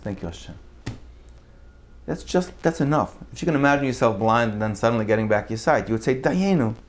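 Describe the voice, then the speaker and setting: A man delivers a sermon as a storyteller. His voice climbs and falls sharply as he acts out the people in his stories, then drops low and quiet at the tender moments. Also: fast talker, a little hiss or hum. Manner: animated, acts out quotes with big pitch jumps. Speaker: rabbi giving a Torah class.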